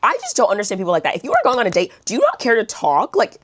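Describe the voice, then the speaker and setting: A woman's voice: mid-range voice, huge pitch swings, racing, a bit bright. A young woman vlogger telling a storytime in a blunt, chatty way, swearing and saying "like" a lot. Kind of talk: storytime vlog.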